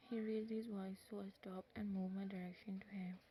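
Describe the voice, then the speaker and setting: Woman reading a story aloud, mellow. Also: mid-range voice, flat delivery, moderate pace, hardly any pauses, a little hiss or hum, low-quality recording. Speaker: fan fiction narrator.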